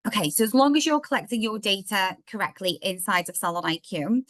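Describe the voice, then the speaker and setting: A woman with a slightly croaky voice, chatting through a software demo step by step in a live online workshop. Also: medium pitch, expressive, brisk, no room sound. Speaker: software trainer.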